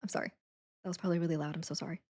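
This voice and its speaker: A woman's voice: deep voice, fairly even intonation, racing, a little mellow. A young adult woman chatting casually on a live stream, laughing often, saying "like" a lot and thanking viewers again and again.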